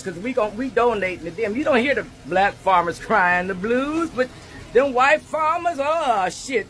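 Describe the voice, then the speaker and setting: Man, farmer, slow drawling talk, fairly high voice, faint noise behind. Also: a bit bright. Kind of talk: casual musing video. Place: greenhouse.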